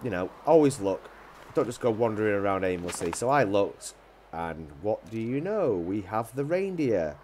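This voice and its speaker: A man's voice: on the low side, big pitch swings, normal speed, noisy background. A man casually commenting on his hunting game play, rambling and hesitant with many ums. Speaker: gaming channel host.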